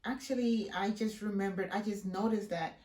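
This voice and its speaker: A woman from Africa chats on her hair-care vlog in a lively, emphatic way, acting out the people in her stories. Her voice sits at an ordinary middle pitch for a woman. The recording has a roomy echo. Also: moderate pace. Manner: emphatic, expressive storyteller who acts out quoted voices. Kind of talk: casual vlog storytelling and how-to talk.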